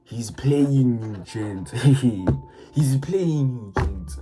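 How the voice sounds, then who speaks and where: A woman giving a casual, profane motivational rant, excitable and stammering as she repeats her words. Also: extremely low pitch, extremely slow, soft background music, poor audio. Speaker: motivational vlogger.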